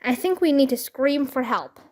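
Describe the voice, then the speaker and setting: A woman's voice: sits high, lively intonation, normal speed. Woman doing a dramatic little schoolgirl. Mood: scheming.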